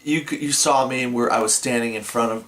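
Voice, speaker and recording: A man's voice: medium pitch, steady tone, fast, fairly bright tone. A man co-hosting a movie review show, speaking in casual chat and chiming in matter-of-factly with corrections. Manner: matter-of-fact, chimes in with corrections.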